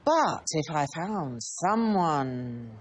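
A grand, eccentric English author. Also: female voice, deep voice, sing-song, extremely slow, heavily acted. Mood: musing. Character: flamboyant, vain, eccentric middle-aged woman author. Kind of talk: TV comedy-drama acting.

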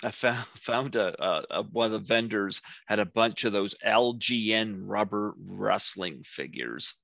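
A man hosts a relaxed interview and wanders through a story, often losing his place and laughing at himself. His voice is bright and forceful. The recording sounds dry and a little dull. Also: on the low side, a little slow, creaky, dry recording. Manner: rambling, loses his thread and laughs easily. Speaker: podcast host. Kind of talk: casual interview chat.

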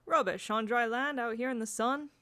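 Woman reading a spirited young girl, a touch higher than her own voice. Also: moderate pace, pushed and bright. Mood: cross.

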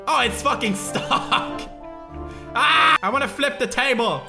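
A man with a Swedish accent, a native Swedish speaker, giving gaming commentary, raging, swearing and yelling at the game. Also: extremely high pitch, vocal fry. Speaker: gaming video creator. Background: game music.

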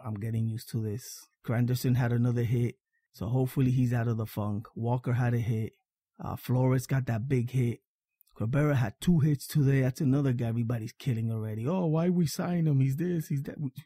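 This is a man hosting a sports fan podcast, his voice deep-toned, mellow and husky. He talks emphatically, repeating his points and often asking "all right?" The sound is dry and close. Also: dry recording. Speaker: podcast host. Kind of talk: casual sports fan monologue.

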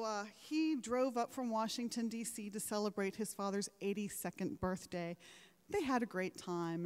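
In a large, echoing ceremony hall, a woman with a clean, mid-range voice delivers a formal commencement speech. She engages her listeners using rhetorical questions and anecdotes.

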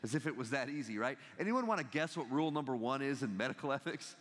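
A man in his thirties giving a humorous talk as a guest speaker, telling stories in an animated way and laughing often. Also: medium pitch, quick pace. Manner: animated storytelling with frequent laughter. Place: large university lecture hall. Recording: long hall reverb.

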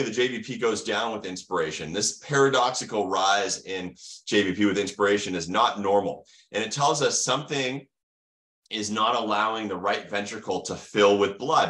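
A middle-aged man from the United States delivers an online medical lecture in a low, bright, forceful voice. With a teacher's enthusiasm, he poses questions to the audience and then answers them himself.

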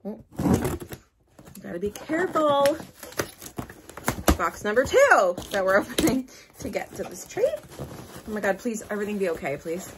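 A woman hosting a casual unboxing vlog, gushing and excitable, with gasps and squeals. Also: mid-range voice, moderate pace, long pauses, noisy background. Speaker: vlogger host.

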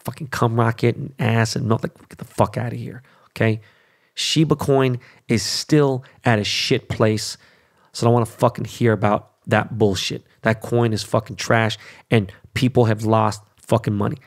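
A middle-aged man from Los Angeles hosting a podcast, talking bluntly in a casual, profane monologue with animated rants. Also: lowish voice. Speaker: podcast host.

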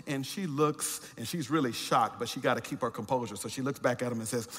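A man's voice: mid-range voice, brisk, hardly any pauses, a bit bright, breathy edge. A male pastor giving a sermon with conversational, humorous storytelling and frequent fillers. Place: church. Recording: church hall with long reverb.

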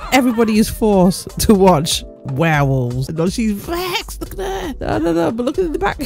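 A woman's voice: fairly high pitch, very animated, normal speed, gravelly, a little mellow, faint music behind. A woman giving amused, chatty commentary over her game as channel host. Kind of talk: gameplay commentary.

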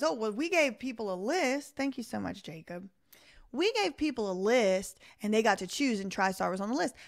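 A woman runs a casual live reaction stream, reading an article aloud and stopping to comment. Her voice is a little high, and she addresses her viewers directly, animated and exasperated.

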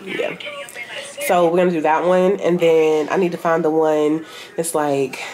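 A young beauty vlogger talks chattily to camera from inside her home, addressing viewers as "y'all." Her low-pitched, slightly mellow voice barely moves in pitch, and she takes her time. The sound is roomy with faint noise.

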